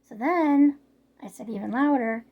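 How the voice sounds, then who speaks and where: Middle-aged woman, a bit hoarse, chatty rambling vlogger, voice sits fairly high. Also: unhurried, highs cut off. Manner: rambling, retelling with filler words. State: slightly hoarse from yelling. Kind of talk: casual storytelling vlog.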